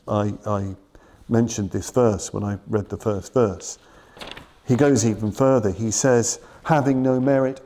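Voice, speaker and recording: A man giving a Buddhist dharma talk in a shrine room, reflective and earnest, dwelling slowly on key words. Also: lowish voice, warm tone. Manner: reflective, earnest, quoting his teacher with slow emphasis. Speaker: Buddhist teacher.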